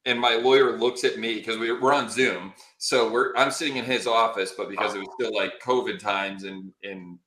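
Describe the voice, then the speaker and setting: A man guesting on a podcast, telling a story in animated, exasperated casual chat and swearing freely. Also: lowish voice, normal speed, few pauses, reverberant, slight background noise.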